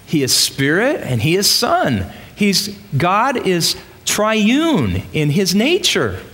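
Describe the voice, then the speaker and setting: A man preaching in a church sanctuary with a fairly high voice that swoops up and down. He presses his points hard and keeps throwing rhetorical questions at the congregation. The sound carries a long hall reverb. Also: a bit bright. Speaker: pastor. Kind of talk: sermon.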